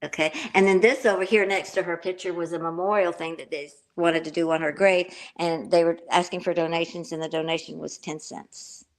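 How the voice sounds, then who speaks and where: A woman's voice: fairly low pitch, steady tone, brisk, hardly any pauses. A woman author talking over a video call as an interview guest, earnest and rambling, filling gaps with "um" and "you know". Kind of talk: emotional interview talk.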